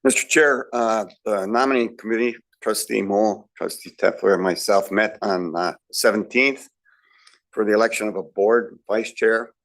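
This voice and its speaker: Hesitant low-voiced man presenting a motion. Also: moderate pace, fairly bright tone. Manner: hesitant, dry joking. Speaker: trustee chairing nominating committee.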